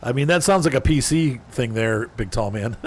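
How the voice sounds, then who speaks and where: A man's voice: medium pitch, expressive, moderate pace, breathy edge. A man streaming a driving game, chatting casually and answering viewers in chat by name as he plays. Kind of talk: casual gameplay commentary.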